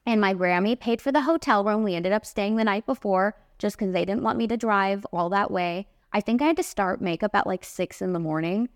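A young woman in her twenties, a makeup artist hosting a podcast, telling a story in a casual, animated, emphatic way. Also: medium pitch, brisk, few pauses, dry recording, studio quality.

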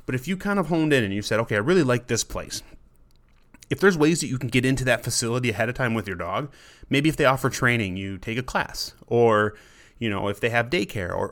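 A man with an ordinary mid-range voice hosts a relaxed advice podcast as a dog trainer. He talks in a loose, conversational way, restarting phrases and voicing a dog's inner thoughts in quotes. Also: medium pitch.

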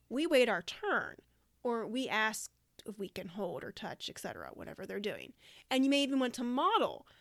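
A woman's voice: on the high side, fairly bright tone, dry recording, studio quality. A woman giving practical classroom behavior advice in a direct, demonstrating way. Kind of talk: podcast-style teaching talk.

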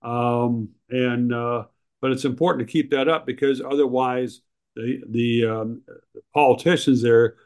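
A man's voice: mid-range voice, fairly even intonation, unhurried, darkish tone. A man, a writer and regular co-host, talking politics casually with frequent ums and uhs. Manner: hesitant, many ums and uhs, critical.

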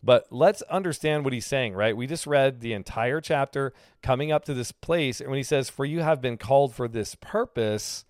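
A man's voice: mid-range voice, moderate pace, few pauses, no room sound, studio quality. A male pastor teaching a casual sermon, talking conversationally and often correcting himself mid-sentence. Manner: conversational, self-correcting, with frequent fillers.

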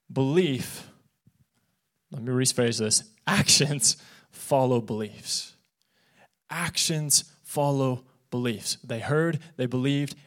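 A young man, a youth pastor, preaching an earnest, animated sermon and acting out the voices he quotes. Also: medium pitch. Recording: podcast of a live church sermon.

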